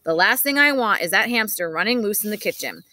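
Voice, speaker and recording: A woman's voice: mid-range voice, animated, a little fast, bright, forceful tone, dry recording. A woman voicing a firm but loving mother who lays down house rules, reading a children's book aloud. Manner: firm, scolding.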